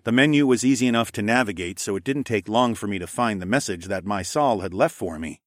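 A man narrating a story in the first person, in an even, matter-of-fact way. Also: fairly low pitch, a little fast, no room sound, clean studio sound. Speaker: audiobook narrator.

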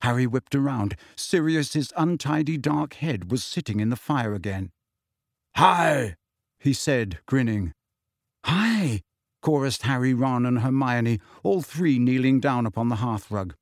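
A man narrates an audiobook from a script, telling the story in an expressive yet measured way. His mid-range voice comes through with studio quality and no room sound.

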